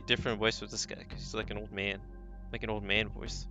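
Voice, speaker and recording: A man's voice: fairly low pitch, flat delivery, fairly quick, vocal fry, sharp tone. A man streaming a game, chatting casually with viewers and reading text aloud, laughing often. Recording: slightly dull lo-fi stream audio with faint music.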